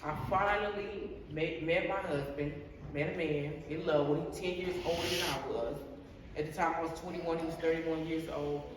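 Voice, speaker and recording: A woman's voice: deep voice, normal speed. A middle-aged woman giving an earnest personal testimony, telling her story with repeated words and frequent restarts. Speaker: guest sharing life story. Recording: echoey hall, distant mic, faint noise.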